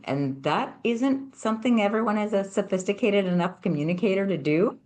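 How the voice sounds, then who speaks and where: A woman's voice: medium pitch, animated, a little fast, hardly any pauses, darkish tone. A woman hosting a podcast, talking in an earnest, personal way and affirming her guest. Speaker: podcast host. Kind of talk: casual conversational interview.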